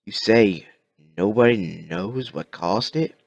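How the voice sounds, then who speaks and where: A man voicing a frightened grown man who wakes into disaster, yelping and shouting in panic. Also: on the low side, slow, vocal fry, full character voice. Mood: confused.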